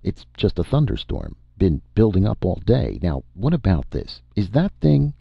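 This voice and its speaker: A man voicing a gruff, contemptuous middle-aged major who speaks brusquely and demands answers. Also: lowish voice, big pitch swings, moderate pace, no echo, highs cut off, pitched above the performer's own voice, heavily acted.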